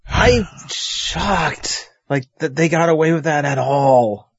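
A man's voice: on the high side, fairly even intonation, normal speed, gravelly, darkish tone, no room sound, dull audio. A man in a casual wrestling chat, blunt and mocking.

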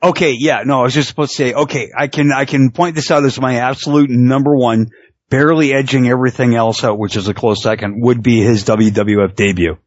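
A man's voice: medium pitch, brisk, no echo. A middle-aged man in casual chat who laughs often, swears freely and tells stories with energy. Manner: laughs often, profane, animated storytelling. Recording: dull lo-fi sound.

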